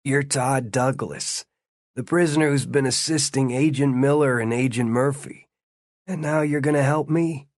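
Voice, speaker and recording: Nosy, sneering prison guard, read by a male narrator; blunt rambler, mid-pitched, dry audiobook read. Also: fairly even intonation, moderate pace, dry recording, close to an everyday voice. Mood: pushy. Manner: rambling, blunt, self-important.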